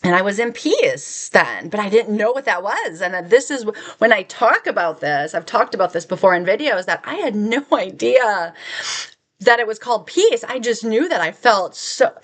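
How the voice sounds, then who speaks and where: A woman spiritual vlogger telling a personal story to camera in an earnest, heartfelt way. She drifts and restarts, laughs softly, and draws out key words. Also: medium pitch, big pitch swings, normal speed. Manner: rambling, with restarts and soft laughs.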